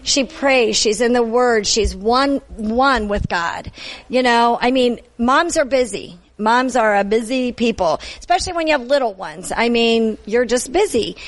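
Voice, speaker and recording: A middle-aged woman speaks earnestly on a Christian talk show, her voice sitting a little high. She repeats phrases for emphasis and keeps an encouraging tone. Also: animated, a little slow. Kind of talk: encouraging faith-based talk.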